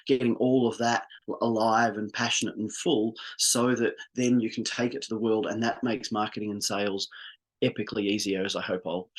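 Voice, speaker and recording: A man with a fairly low voice coaches a live group session about growing a business. He keeps things upbeat and informal, guiding the group along as he talks.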